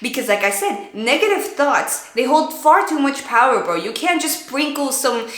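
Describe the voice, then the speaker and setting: A woman streamer giving blunt, profane advice in a casual storytime, often mock-yelling at the voice in her head. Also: high voice, normal speed. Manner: blunt, profane, animated, mock-yells at her own thoughts. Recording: echoey room.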